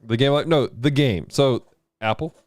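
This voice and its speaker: A man hosting a casual game livestream, animated and laughing often as he reads viewer comments aloud. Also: medium pitch, moderate pace, a little hiss or hum. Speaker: game streamer and show host.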